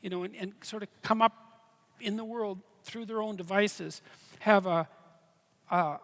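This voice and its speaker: High gravelly man in a hall. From Canada. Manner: earnest, halting, many restarts. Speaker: guest speaker. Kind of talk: live stage Q&A. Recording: reverberant hall.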